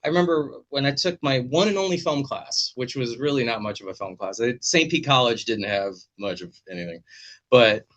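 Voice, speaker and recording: A man's voice: medium pitch, expressive, moderate pace, a bit bright, highs cut off. A man hosting a casual video-call chat, telling stories animatedly and swearing freely. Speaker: podcast host.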